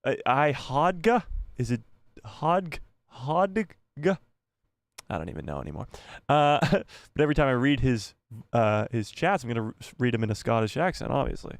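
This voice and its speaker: A man's voice: mid-range voice, normal speed, no echo. A man hosting a live stream, chatting casually with viewers, joking and rambling with frequent laughs. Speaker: livestream host.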